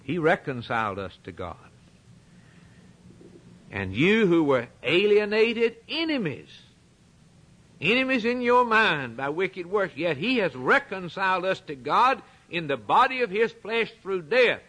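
A man's voice: sits high, sing-song, a little slow, pushed and bright. A man preaching a sermon, emphatic and repetitive, dramatically retelling scripture and addressing the congregation as brethren.

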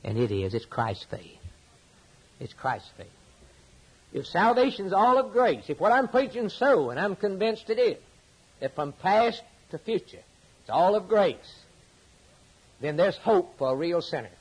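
A man delivers an impassioned sermon. His voice is husky, and his pitch swoops widely as he stacks up repeated lines, then drops low for quiet points. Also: very animated, normal speed, poor audio. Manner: impassioned, preaching with rising and falling emphasis and repetition. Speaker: preacher.

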